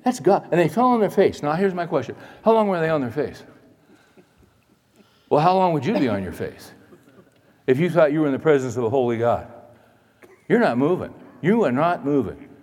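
Pastor guy preaching, goes loud then real quiet, long echo in a big church hall. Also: fairly high pitch, very animated, normal speed, pauses often. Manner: dramatic, swings between loud emphasis and hushed asides. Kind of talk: sermon.

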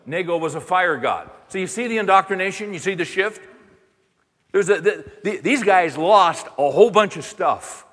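A man delivers a sermon with animated energy, acting out the people in his story as he goes. His voice sits a little high for a man. The sound carries the long reverb of a large hall. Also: normal speed. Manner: animated, voices the prophet and God in dramatic quotes. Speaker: pastor.

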